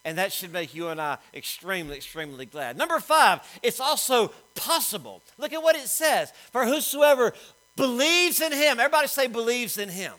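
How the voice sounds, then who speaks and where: A middle-aged man preaching a sermon, swinging between loud emphatic lines and quiet storytelling. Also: extremely high pitch, big pitch swings, normal speed, rough recording. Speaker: pastor.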